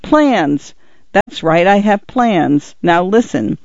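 Brief: a soft, teasing father in a storybook reading, as the narrator puts him on, slightly high, dry muffled sound. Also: expressive, slow, gravelly, dry recording, heavily acted. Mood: teasing, tender. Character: gentle, playful divorced father. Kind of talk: audiobook character voice.

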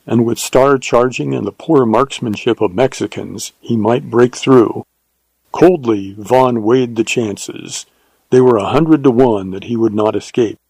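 Gravelly male audiobook narrator. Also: medium pitch, dark tone, dry recording, low-quality recording. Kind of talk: audiobook narration of a western novel.

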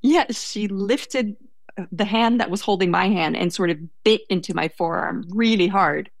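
A woman's voice: medium pitch, normal speed, vocal fry, dry recording. A young woman telling a story in conversation, hesitant and self-correcting, laughing now and then.

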